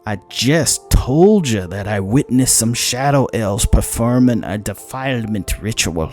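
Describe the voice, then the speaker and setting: A hotheaded fae warrior woman, as a man puts her on for a storybook reading. She snaps back loudly and defensively, raised above the narrator's low voice, with soft music underneath. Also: animated, unhurried. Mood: indignant. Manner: snapping, defensive, loud.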